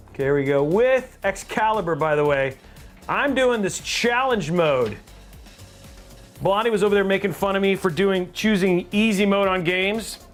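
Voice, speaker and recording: Animated man hosting a live build stream. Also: high-pitched. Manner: animated, jokey, chatting with viewers. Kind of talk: casual live-stream chat while building.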